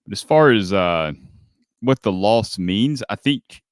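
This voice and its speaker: A man co-hosting a sports podcast, giving measured, explanatory analysis in casual talk. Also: lowish voice, lively intonation, no room sound, studio quality. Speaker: podcast co-host.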